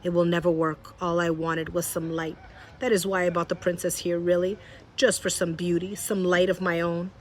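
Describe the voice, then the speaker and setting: A woman voicing a self-pitying male rat in a storybook reading, speaking slowly and sometimes dropping to a whisper. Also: lowish voice, flat delivery, natural voice. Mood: mournful.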